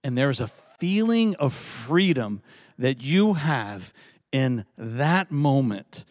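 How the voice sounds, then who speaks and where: A man's voice: mid-range voice, sing-song, slow, darkish tone, no room sound, studio quality. A man from preaching a conversational sermon, repeating words and tossing in frequent asides with folksy humor. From Virginia, US South. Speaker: pastor.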